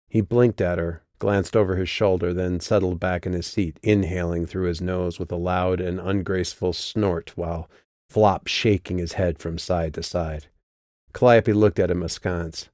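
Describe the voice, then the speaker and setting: A man reading his novel aloud in measured audiobook narration. His voice is very deep, and the close microphone leaves the sound dry, with no room around it. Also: no echo. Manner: steady, measured storytelling.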